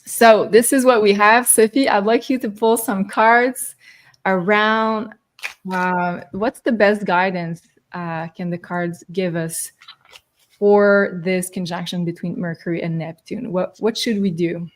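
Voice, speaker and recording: A woman's voice: medium pitch, unhurried. A woman hosting an astrology show, talking casually and loosely with frequent fillers. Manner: relaxed, searching, frequent fillers. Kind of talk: casual spiritual chat.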